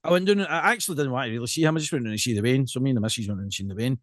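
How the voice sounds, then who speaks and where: A Scottish man co-hosting a podcast, chatting casually in an animated, joking way and telling stories. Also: medium pitch, very fast, no room sound, studio quality. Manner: animated and jokey, tells stories with quoted asides. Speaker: podcast co-host.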